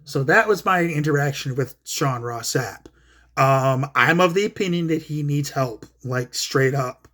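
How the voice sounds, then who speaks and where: A man with a fairly high voice speaks at a measured pace, his tone bright and forceful. Hosting his own commentary video, he retells an online argument in a blunt, profane, casual rant packed with quoted back-and-forth.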